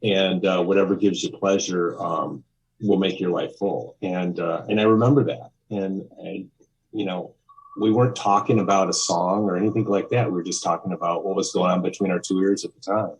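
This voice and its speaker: A man's voice: sits low, steady tone, normal speed, slight background noise, rough recording. A man in his fifties, a podcast guest, telling a long story in a rambling conversational way, with restarts and acted-out quotes. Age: 50s. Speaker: podcast guest, music photographer.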